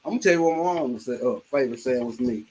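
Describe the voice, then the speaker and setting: An older man hosting a livestream, telling animated childhood stories with laughter and acting out his mother's scolding. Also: medium pitch, racing, slightly rough, poor audio. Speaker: livestream host. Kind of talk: casual storytelling chat.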